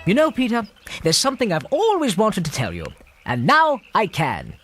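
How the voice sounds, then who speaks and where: A prim British talking cat. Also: male voice, sits high, wildly swooping pitch, normal speed, fairly bright tone, exaggerated voice. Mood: aggrieved. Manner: polished, classy, fussy. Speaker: animated film character.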